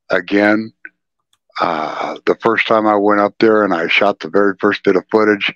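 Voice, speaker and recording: A man's voice: on the low side, a bit bright, no room sound. A man in a casual interview, speaking earnestly and emphatically over a dull, lo-fi remote line. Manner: earnest, emphatic, repeats "okay". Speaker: podcast guest, ufologist.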